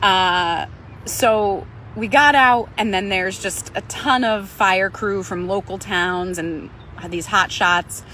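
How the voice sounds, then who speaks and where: A woman's voice: medium pitch, takes it slowly, pushed and bright, a little hiss or hum. A woman, a Pilates instructor, telling a personal story in a conversational way, acting out other people's lines.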